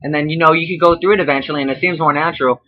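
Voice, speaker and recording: A man's voice: a little high, steady tone, very fast, muffled recording. A man giving casual spoken feedback on written promos, rambling and profane, with frequent restarts.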